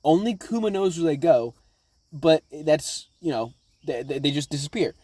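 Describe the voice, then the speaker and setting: A man casually recapping episodes of a show, rambling and excitable, swearing constantly. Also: fairly high pitch, normal speed, dry recording. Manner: rambling, profanity-laden, excitable. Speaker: anime reaction vlogger.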